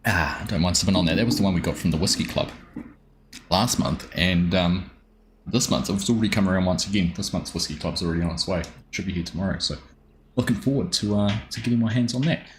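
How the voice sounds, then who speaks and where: A man's voice: low-pitched, fast, slight background noise. A middle-aged Australian man casually chatting on a live game stream, greeting viewers by name from his desk at home. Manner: friendly, greets chat by name, relaxed.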